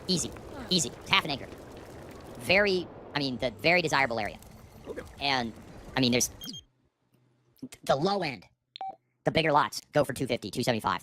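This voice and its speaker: A middle-aged man vents on a livestream from his home, cursing and bitter. His voice is tense and forceful, and his despair is plain. His streaming microphone keeps the sound close. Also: on the high side, a little hiss or hum. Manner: bitter, profane, despairing ranting. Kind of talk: livestream rant. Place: at home, seated. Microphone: streaming microphone with auto gain.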